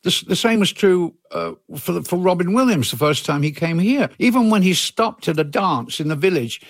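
An older man in his eighties, his voice sitting a bit higher than most men's, chats easily as an interview guest. He meanders, restarts his sentences and chuckles along the way. The sound is close and dry, with no room around it. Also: animated, normal speed, no echo. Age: 80s. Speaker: author guest. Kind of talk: relaxed conversational interview.

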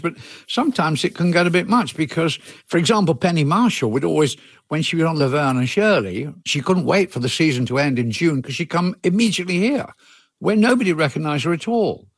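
A man in his eighties, an author being interviewed, talking in a relaxed, meandering way with chuckles and frequent restarts. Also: on the high side, husky, no room sound. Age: 80s. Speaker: author guest.

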